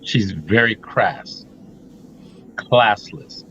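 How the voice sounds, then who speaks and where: A man's voice: fairly low pitch, animated, very slow, fairly bright tone, lo-fi sound, slight background noise. A middle-aged man co-hosting a reaction talk, emphatic and blunt, laying out his points one by one. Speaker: co-host. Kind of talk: opinionated reaction commentary.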